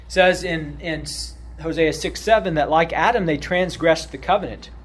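Male Bible teacher, slightly high voice, animated, loud-then-quiet delivery, keeps asking "right?"; faint background noise. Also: moderate pace. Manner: animated, often checks in with "right?"; swings between loud emphasis and quiet asides.

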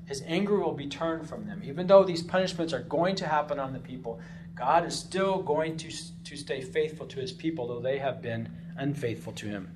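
A man teaching through a book of scripture, animated, often checking in with "right?" and moving between loud emphasis and quiet asides. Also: medium pitch, normal speed, noisy background. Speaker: Bible teacher. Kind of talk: expository Bible teaching.

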